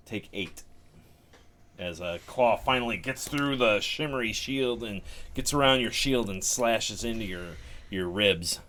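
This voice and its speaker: A man running a tabletop game as dungeon master, narrating combat and rolling dice in a relaxed, chuckling way. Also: fairly low pitch, a little slow, slight background noise.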